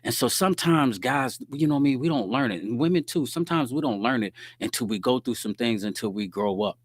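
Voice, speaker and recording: A man's voice: mid-range voice, lively intonation, fairly quick, dry recording, studio quality. A man giving a streetwise, preachy faith-based talk straight to his listeners.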